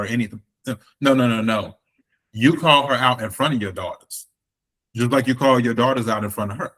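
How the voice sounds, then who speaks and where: A man's voice: medium pitch, normal speed, fairly bright tone. Blunt, opinionated podcast host man. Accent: Northern US. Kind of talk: casual recap chat.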